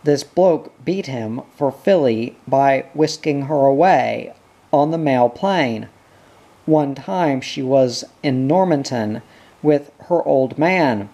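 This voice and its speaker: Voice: medium pitch, lively intonation, takes it slowly, mellow, highs cut off. A reader doing a chatty, blunt ambulance bearer. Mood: gossipy. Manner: casual, gossipy.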